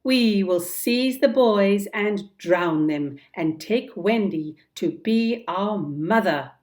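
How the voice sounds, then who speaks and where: Storybook pirate captain, blustering and furious, loud and slow, put on by a woman narrator. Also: medium pitch, expressive.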